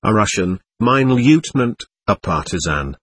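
A man's voice: fairly low pitch, animated, unhurried, husky, dry recording. A man voicing a deferential young male soldier who reports respectfully to an officer, in a dry recording.

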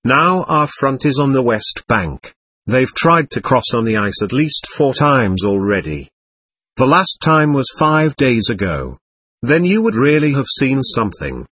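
A man voicing a tired, sleep-deprived frontline soldier who grumbles offhandedly, with a husky voice. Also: mid-range voice, big pitch swings, a little slow, fairly bright tone, dry recording, heavily acted. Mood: weary grumbling.

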